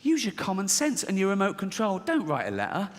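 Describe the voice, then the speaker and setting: A man's voice: high-pitched, huge pitch swings, fairly quick. Man, British accent, stand-up comedian, blunt, brash, short of breath, lingering hall reverb. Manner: blunt, brash, laughing at his own jokes. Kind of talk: stand-up routine. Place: large theatre stage. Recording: stage mic with hall reverb.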